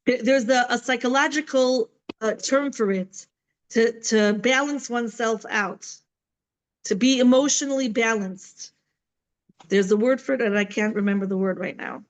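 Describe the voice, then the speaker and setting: A woman's voice: fairly high pitch, normal speed, rough recording. A middle-aged woman teaching a Torah class online from home, chatty and full of "right?" asides. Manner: conversational, many fillers and "right?" asides.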